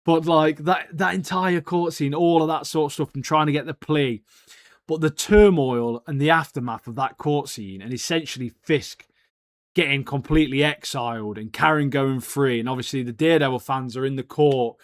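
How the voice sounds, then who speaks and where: A young man co-hosting a podcast, talking in excitable, slangy casual chat and saying "mate" a lot. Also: on the high side, normal speed, dry recording, studio quality. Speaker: podcast co-host.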